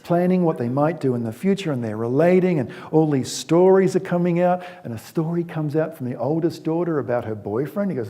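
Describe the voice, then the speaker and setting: A man's voice: a little high, a little fast, hardly any pauses, warm tone. A man giving a talk on parenting, telling stories in a conversational way with frequent restarts and acting out the scenes he describes. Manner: acts out the scenes he retells. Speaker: speaker on parenting. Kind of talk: storytelling talk to an audience.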